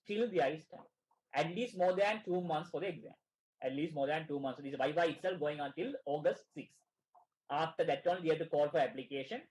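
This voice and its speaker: A man with a high-pitched voice coaches students through exam preparation in an online session. He talks in short repeated phrases and keeps checking in with "right?" after nearly every point. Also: brisk, darkish tone, low-quality recording. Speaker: exam prep tutor.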